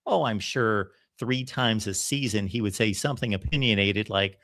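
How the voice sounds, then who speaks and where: Animated man hosting a sports stream. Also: lowish voice, moderate pace. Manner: animated, emphatic, quotes others in voices. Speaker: host of a college football channel. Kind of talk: casual live-stream monologue.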